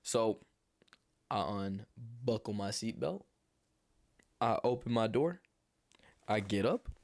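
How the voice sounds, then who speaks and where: A young man telling a storytime vlog in a rambling, animated way, swearing freely. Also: fairly low pitch, takes it slowly. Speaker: vlogger.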